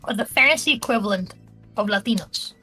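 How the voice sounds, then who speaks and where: A woman's voice: mid-range voice, a little fast, sharp tone, husky, soft background music. A woman co-hosting a podcast, reading listener questions in casual chat, blunt and profane with a joking edge. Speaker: podcast co-host.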